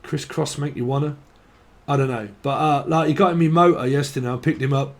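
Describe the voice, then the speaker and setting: A man's voice: medium pitch, fairly even intonation, fairly quick. A man giving a casual, rambling tarot reading, swearing and laughing between tangents. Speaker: tarot reader.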